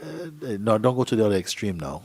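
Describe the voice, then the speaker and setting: Speaking fairly quickly, this spiritual teacher has a darkish voice on the low side with lively intonation. He delivers a satsang talk to a gathering in a meeting hall, playfully acting out little dialogues and frequently laughing.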